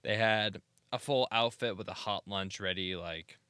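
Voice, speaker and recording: A man's voice: fairly low pitch, unhurried, pushed and bright, clear, resonant tone, no echo, clean studio sound. A man co-hosting a podcast, recounting a trip in a laid-back, casual storytelling way. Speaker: podcast co-host. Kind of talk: casual chat.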